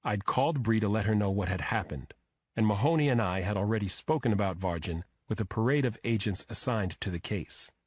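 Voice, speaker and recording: A man narrating a first-person crime thriller audiobook in a steady, measured way. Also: fairly low pitch, dry recording.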